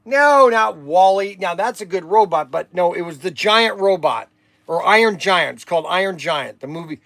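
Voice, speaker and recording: A man's voice: sits high, expressive, moderate pace, gravelly, fairly bright tone, no echo. An older man hosting a livestream, rambling and exasperated, sighing while he chats. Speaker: livestream host.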